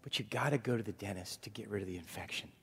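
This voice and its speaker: A male pastor preaching a sermon to his congregation in a lively, joking manner. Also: lowish voice, rapid-fire, vocal fry, slight background noise. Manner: animated preaching, jokes with the congregation. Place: church sanctuary. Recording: long hall reverb.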